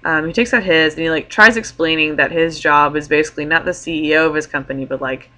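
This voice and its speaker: Low-voiced young woman, chatty vlog story. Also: steady tone, fast talker, bright, forceful tone. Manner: chatty, peppered with "like" fillers. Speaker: vlogger. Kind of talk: casual storytelling to camera.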